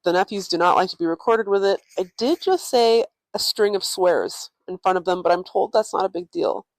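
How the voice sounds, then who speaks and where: A woman's voice: medium pitch, brisk, no room sound. Playful woman on a tiny clip-on mic. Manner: playful, jokey, mock-serious asides. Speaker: podcast co-host. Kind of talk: casual travel audio diary. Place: indoors at a relative's family home. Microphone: tiny clip-on influencer microphone.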